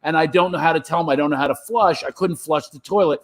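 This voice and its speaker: Animated middle-aged comedian telling stories. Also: male voice, a little high, fast. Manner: animated, acts out his own reactions. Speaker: stand-up comedian. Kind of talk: storytelling on a live stream.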